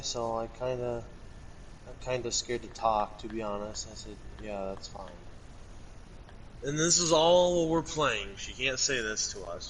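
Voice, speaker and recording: A man's voice: mid-range voice, slight background noise, low-quality recording. Rambling young man reading out chats. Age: young adult. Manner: rambling, swears casually, reads messages aloud. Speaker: co-host recounting chat messages. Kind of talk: casual chat.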